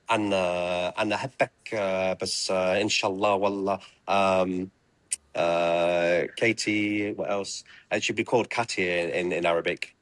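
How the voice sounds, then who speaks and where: Man, low voice, dry close sound, hesitant, lots of ums, interview guest. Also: no room sound. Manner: hesitant, many fillers. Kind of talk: casual interview answers.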